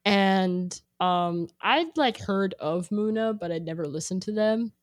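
A young adult woman chatting casually, rambling and filling her speech with "like", growing animated when she quotes herself. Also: medium pitch, unhurried, dry recording, studio quality. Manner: rambling, heavy use of "like", animated when quoting. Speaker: guest sharing a playlist. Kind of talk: casual chat.

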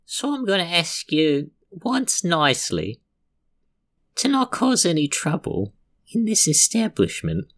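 A player voicing a steely frontier bouncer, calm and measured. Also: mid-range voice, voice pushed up. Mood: cool threat.

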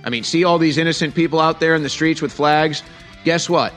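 A man's voice: fairly high pitch, brisk, a bit bright, faint music behind. A middle-aged man hosting a heated political commentary show, sarcastic and full of rhetorical questions.

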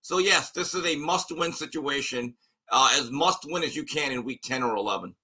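A man's voice: mid-range voice, lively intonation, normal speed, bright, forceful tone, breathy edge. A man giving blunt, emphatic and sarcastic opinions as a guest analyst on a sports talk show.

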